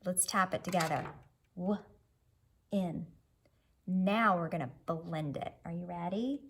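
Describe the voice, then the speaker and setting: A woman's voice: on the low side, unhurried, fairly bright tone, husky. A woman teacher leading a children's reading lesson, cheerfully prompting young learners to sound out and blend words.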